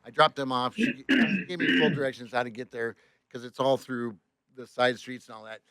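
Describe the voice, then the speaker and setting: A man telling a story as a tour bus driver on a podcast, animated, swearing often and acting out the other voices. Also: medium pitch, brisk, crowd noise. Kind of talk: casual storytelling.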